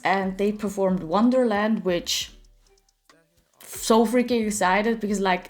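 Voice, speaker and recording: A woman and dancer giving reaction video commentary, excitable and slangy, gushing over what she watches. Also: medium pitch. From Switzerland.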